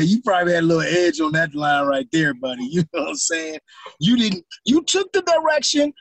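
A man's voice: a little high, breathy edge, dry recording, poor audio. A middle-aged man, an actor guest, casually telling stories in an interview and acting out his own past reactions in quoted asides.

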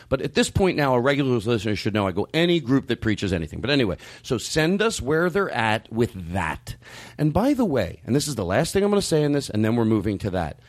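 A man hosting a podcast, talking in a halting, rambling way with many restarts and fillers, with a hint of sarcasm. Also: mid-range voice. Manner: openly sarcastic at times. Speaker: podcast host. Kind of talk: casual discussion.

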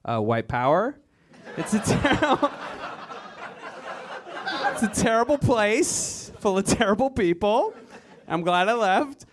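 A man's voice: high voice, sing-song, slow, pauses often, noisy background. A man from Virginia doing a stand-up comedy set, rambling and laughing at his own lines. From Virginia, USA.

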